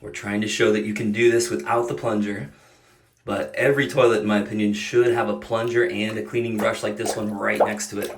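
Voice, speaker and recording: Working in a bathroom, a middle-aged home repair video host jokes and reassures as he guides the viewer, slightly winded from the labor. He speaks a little fast in a fairly low, flat voice. He's far from the mic in the echoing room, with a bit of hiss or hum.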